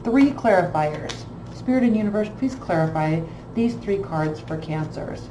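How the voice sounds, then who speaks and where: A woman's voice: medium pitch, lively intonation, unhurried, roomy sound, background noise. A woman reading tarot cards in a blunt, emphatic way, repeating phrases for stress. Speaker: tarot reader.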